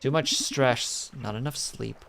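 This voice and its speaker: A man voicing a gentle, slightly flustered woman who is a former town doctor. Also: medium pitch, a little slow, creaky, a little hiss or hum.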